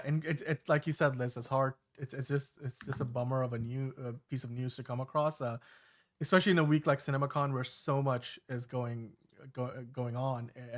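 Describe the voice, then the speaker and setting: A man in his thirties hosting a casual podcast chat, talking in a rambling way with many fillers and restarts. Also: mid-range voice. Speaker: show host.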